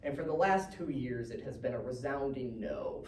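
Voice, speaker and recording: Twenties stand-up comic, animated storyteller who laughs at their own lines, picked up off-mic in a roomy venue. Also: medium pitch, moderate pace, distant mic. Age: 20s. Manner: chuckles often between punchlines. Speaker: stand-up comedian. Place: comedy venue stage with live audience. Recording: roomy, from the mic, audience noise.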